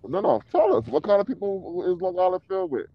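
A man's voice: high-pitched, big pitch swings, a little fast, dry recording. Guy ranting hot takes on a podcast, dull dry lo-fi mic, keeps pushing his point. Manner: provocative, heated, repetitive, laughs at own claims. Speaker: podcast co-host. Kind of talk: casual argumentative chat.

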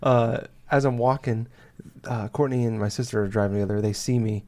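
A man's voice: mid-range voice, fairly even intonation, a little mellow. Rambling young man telling a story. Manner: rambling, halting, many restarts and fillers. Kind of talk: casual storytelling chat.

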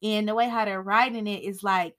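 A young woman hosting a podcast, recapping a TV episode in a sassy, slangy, animated way. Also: medium pitch, brisk. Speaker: podcast host recapping a TV series. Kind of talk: casual recap and review.

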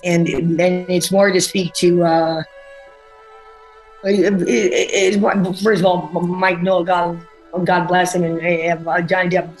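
A woman's voice: lowish voice, low-quality recording. An actress recalling her career in a casual interview, talking candidly and rambling through restarts. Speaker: actress guest.

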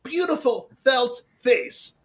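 A man's voice: very high voice, expressive, takes it slowly, a bit bright. A man co-hosting a casual livestream chat, goofy and fond of cartoon impressions. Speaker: co-host.

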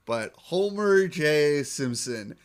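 A podcast co-host talking casually through a cartoon episode. His voice sits a touch high for a man, and he rambles, laughs often and acts out the characters' lines as he goes. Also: expressive, slow pace.

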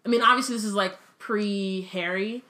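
A woman's voice: mid-range voice, steady tone, normal speed, bright, forceful tone. A tired woman co-hosting a podcast, chatting casually with lots of fillers and frequent laughs. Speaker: podcast co-host. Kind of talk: casual chat.

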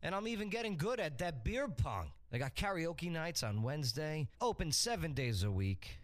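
Male ad reader, punchy and salesy, slightly high voice, dry sound. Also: very animated, normal speed, hardly any pauses, no echo. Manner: punchy, salesy list-making. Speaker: pub advertiser. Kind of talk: radio ad read.

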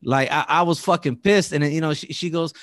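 A man of Latin American heritage telling a story in casual chat, animated and profane, often repeating and restarting words. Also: a little high, fairly quick, no room sound, studio quality.

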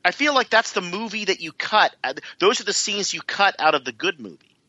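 Man, very bright tense voice, dull lo-fi dry recording, teasing podcast banter. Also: sits high, animated, brisk, dry recording. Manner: teasing, joking. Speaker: podcast co-host. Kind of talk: casual chat.

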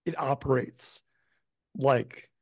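A man's voice: mid-range voice, fairly even intonation, slow, darkish tone, husky, dry recording. A man co-hosting a casual sports podcast, laying out his argument step by step. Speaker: podcast co-host.

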